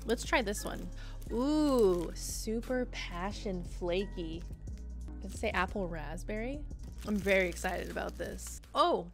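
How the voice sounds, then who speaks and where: A woman's voice: medium pitch, animated, slow, soft background music. A young woman streamer chatting casually and joking as she taste-tests snacks, often giggling. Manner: bubbly, jokey, giggly. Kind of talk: casual taste-test chat.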